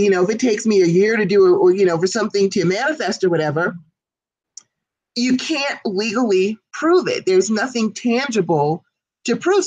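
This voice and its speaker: A woman's voice: medium pitch, rough recording. A woman co-hosting a casual talk show, talking at length in an emphatic, indignant way. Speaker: co-host. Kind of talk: casual chat.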